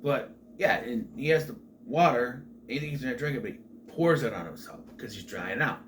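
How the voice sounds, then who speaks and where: A middle-aged man hosting a movie review show casually recaps a film, rambling through chatty asides and restarts. His mid-range voice is brisk and fairly bright, with faint background noise.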